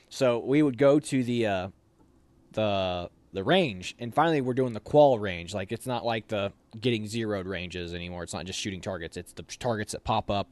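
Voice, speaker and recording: A man's voice: lowish voice, dry recording. A young adult man casually telling a story, acting out the voices of people he quotes. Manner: animated, acts out quoted voices.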